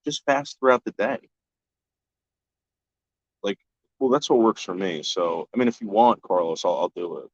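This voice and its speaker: Hosting a live stream, a man talks casually and bluntly with his viewers, cursing freely and restarting sentences often as he answers chat. His fairly low voice is animated at a moderate pace with long pauses, in a dull, lo-fi recording with no room sound.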